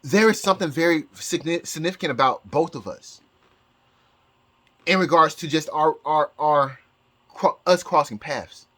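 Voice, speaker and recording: Bright rambling man, laughing vlogger. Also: a little high, normal speed. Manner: rambling, laughing fits, repeated restarts. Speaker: psychic YouTuber. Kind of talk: casual vlog commentary.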